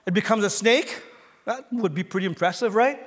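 This pastor's voice is high-pitched and fairly bright, moving a little fast through a large sanctuary hall. Recounting a story and questioning the congregation, he builds up to an emphatic call to action.

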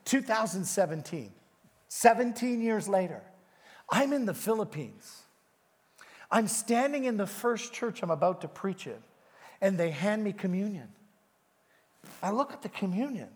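A man's voice: high-pitched, expressive, a little slow, long pauses. A man preaching a sermon with energy in a large church, speaking directly to the congregation. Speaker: pastor. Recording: reverberant church hall.

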